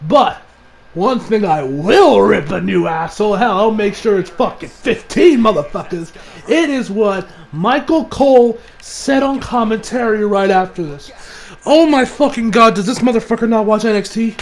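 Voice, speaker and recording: A man reviews a wrestling show in a loose, profane rant. His voice sits high and swoops all over the place. He keeps cursing, and he slips into shouted mocking bits. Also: lively intonation, moderate pace. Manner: swears constantly, swings into shouted mocking impressions.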